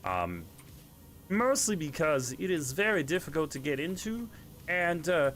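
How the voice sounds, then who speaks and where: A man's voice: fairly high pitch, big pitch swings, a little slow, a bit bright. A young man hosting a livestream, chatting casually and rambling with lots of ums and restarts. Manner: rambling, with many fillers and restarts. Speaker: livestream host. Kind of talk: casual chat during a game stream.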